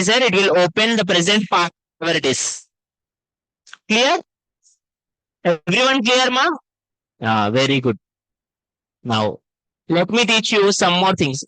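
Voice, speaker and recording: A man leads a live online coding lesson through a computer mic. His voice is bright and the sound is dry and close. He repeats phrases and keeps calling his students sir and ma. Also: high-pitched, dry recording, low-quality recording. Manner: repetitive, addresses students as sir and ma. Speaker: coding teacher.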